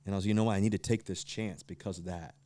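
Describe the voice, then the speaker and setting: Guy in his 30s telling stories on a podcast, lowish voice, dry close sound, lots of restarts. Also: very fast, dry recording. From Virginia, USA. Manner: animated, acts out quoted voices, many fillers and restarts. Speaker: guest, pro football quarterback. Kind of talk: storytelling in casual podcast chat.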